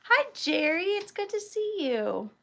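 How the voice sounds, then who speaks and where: A woman's voice: very high voice, sing-song, unhurried, vocal fry, pushed and bright. A woman with a sore throat from talking, running a live-stream auction from home and chatting with viewers by name as she shows each item. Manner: chatty, greets viewers by name while showing items. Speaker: online reseller hosting a live auction. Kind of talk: live-stream selling chat.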